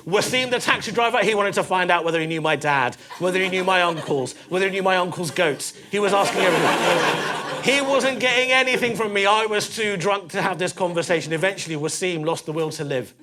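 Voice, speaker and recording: A man in his thirties with a London accent, performing a stand-up set in a comedy club, conversational and punchy, with quick asides to the crowd. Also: high-pitched. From East London.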